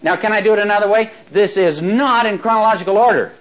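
A man teaching a Bible study class, talking in a chatty, animated way with asides and chuckles, slowing down to read verses aloud. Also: high-pitched. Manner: slows right down when reading verses aloud. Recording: dull lo-fi recording.

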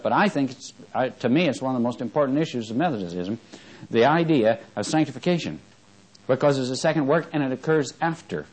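A man's voice: expressive, a little fast, rough recording. Fervent preacher, questioning his flock. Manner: swings from fervent rising emphasis to low quiet asides, asks the congregation questions. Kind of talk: sermon.

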